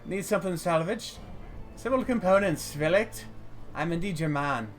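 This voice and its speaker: A man voicing a gruff, well-meaning old male junk scavenger with a put-on German accent. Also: on the high side, expressive, normal speed, soft background music, voice pushed up, lightly acted.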